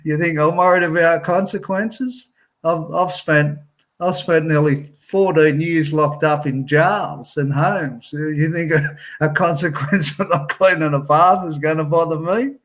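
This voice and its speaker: Slow-talking man telling his story. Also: a little high, a bit bright. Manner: conversational storytelling, frequent restarts and laughs. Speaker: speaker sharing his life story. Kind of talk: personal testimony talk.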